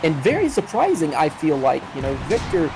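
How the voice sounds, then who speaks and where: A man giving color commentary on a wrestling match in a measured, hedging way, full of "you know" and "I mean.". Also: on the high side, huge pitch swings, vocal fry, background noise.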